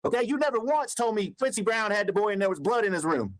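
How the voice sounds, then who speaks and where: A man in a heated phone argument, yelling, cursing and accusing the other person of lying. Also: high-pitched, very animated, fast. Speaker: caller on a recorded phone call.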